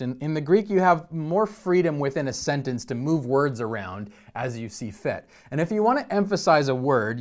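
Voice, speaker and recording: A man preaching a conversational sermon as pastor, teaching through a passage, stumbling and restarting words, slowing down to stress key points. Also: mid-range voice.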